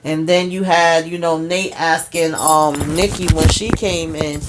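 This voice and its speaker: A woman casually recapping a TV episode for her viewers, animated and chatty, acting out characters' lines. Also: a little slow, heavy background noise. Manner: animated storytelling, acts out characters' lines with pitch jumps; chatty, addresses viewers as y'all. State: tired. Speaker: TV recap host.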